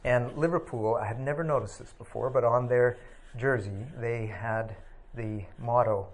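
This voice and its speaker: A middle-aged man giving a personal testimony, reflective and halting, with many pauses and filler sounds. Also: mid-range voice, steady tone. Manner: reflective, halting with frequent ums and uhs. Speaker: speaker sharing a personal testimony.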